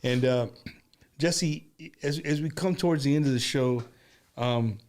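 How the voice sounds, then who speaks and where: Male talk-show host, casual and chatty, mid-pitched. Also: a little slow. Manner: relaxed, repeats and restarts words. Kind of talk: casual interview chat.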